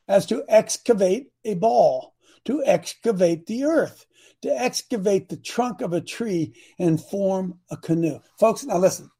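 A man's voice: high-pitched, dark tone, breathy edge. A man preaching a sermon as a coach, folksy and emphatic, retelling Bible stories in slang.

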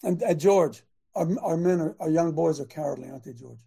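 High, husky, fiery male preacher-host. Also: brisk. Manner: emphatic, rising to shouts. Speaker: talk show host. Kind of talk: fiery preaching talk show.

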